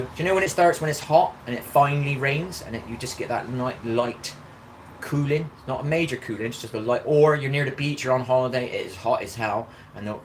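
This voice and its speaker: A man rambles quickly through a casual live-stream chat, his words tumbling out at a rushed clip. He keeps circling back to "do you know what I mean" as he talks. A faint hum of outdoor ambience sits behind him. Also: medium pitch. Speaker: vlogger. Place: outdoors in a park.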